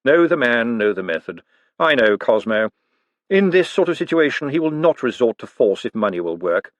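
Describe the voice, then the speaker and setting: A man voicing a cold, dry, menacing aristocratic male tyrant, speaking slowly and precisely. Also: mid-range voice, very animated, dry recording, lightly acted. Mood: cool menace. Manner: slow, measured, precise and icy.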